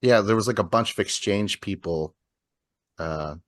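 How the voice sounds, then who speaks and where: A man's voice: on the low side, unhurried, no room sound, studio quality. A man co-hosting a podcast, talking loosely with lots of fillers, restarts and swearing. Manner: rambling, swears often, many fillers and restarts. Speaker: podcast co-host. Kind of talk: casual chat.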